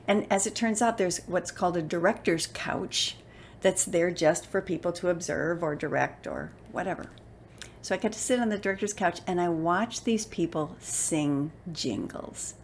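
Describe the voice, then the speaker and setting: Older woman, low-pitched, lively storyteller, slight background hiss. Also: moderate pace. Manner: animated, expressive, acts out quoted voices. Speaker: motivational speaker and voice actor. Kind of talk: personal storytelling to camera.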